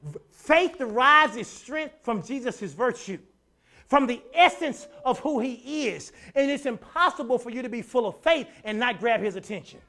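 A pastor preaching a sermon in a colloquial, emphatic way, repeating key lines, stammering on restarts and swinging from quiet asides to loud passages. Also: medium pitch, lively intonation, moderate pace.

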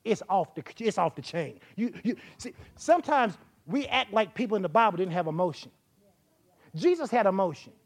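A woman preaching a sermon with folksy, vernacular phrasing, building up to shouts. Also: medium pitch, moderate pace. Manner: animated, rising to shouts.

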